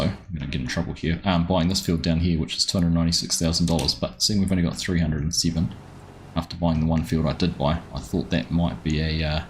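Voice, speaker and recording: Male streamer host, deep voice, easygoing chatter, greets viewers by name. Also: slight background noise. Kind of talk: casual live-stream commentary.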